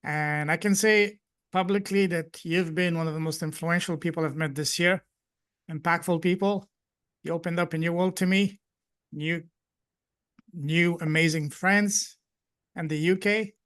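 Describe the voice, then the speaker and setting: A man's voice: a little high, steady tone, measured pace, fairly bright tone, smooth. A man hosting a live group call, effusive and grateful, thanking people again and again. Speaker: host and coach.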